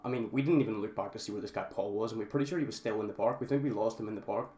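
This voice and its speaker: A man's voice: on the low side, rapid-fire, dark tone. A young man casually telling a story to his viewers, rambling and often calling them guys. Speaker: vlogger. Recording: roomy echo, faint background noise.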